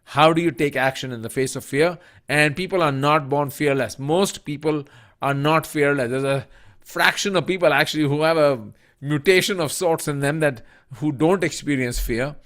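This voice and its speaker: A middle-aged Indian man, a business school professor and author, recounts a personal story during a talk. His voice is fairly high and fairly bright, and he tells the story vividly, acting out the voices he quotes and using lots of fillers.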